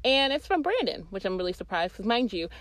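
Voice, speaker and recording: A young woman hosting a podcast, telling a casual, profane story, swinging between loud bursts and quiet, sheepish asides. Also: medium pitch, sing-song, fast talker, dry recording. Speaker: podcast host.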